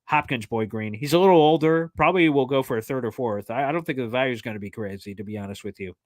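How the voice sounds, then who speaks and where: A man hosting a casual sports livestream, answering fan questions in an excitable, jokey way with plenty of fillers. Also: medium pitch, no echo, clean studio sound. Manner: excitable, jokey, fast-talking with many fillers. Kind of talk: casual live chat reading fan questions.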